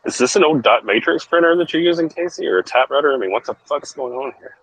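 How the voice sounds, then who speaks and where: A man's voice: medium pitch, expressive, fast, a bit bright, no room sound, low-quality recording. A man hosting a casual online group voice chat, rambling and swearing freely. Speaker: host.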